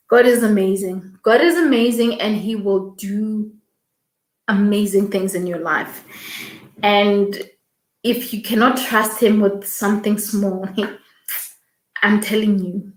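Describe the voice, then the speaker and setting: A woman hosting a morning livestream, talking slowly as she reads out viewer comments. She sounds emotional, and her voice rings in an echoey room. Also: mid-range voice. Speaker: host. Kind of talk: casual livestream talk.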